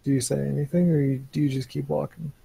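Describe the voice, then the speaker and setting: Game master, male, slow halting narrator, gravelly and husky. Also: mid-range voice, little pitch movement, mellow, no room sound, poor audio.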